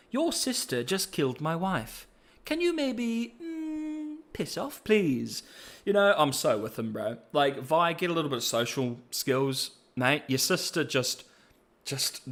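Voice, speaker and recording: A man's voice: mid-range voice, a bit bright. Chatty man with an everyday voice. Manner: rambling, chatty, self-deprecating, laughs often. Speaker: podcast host. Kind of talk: casual commentary.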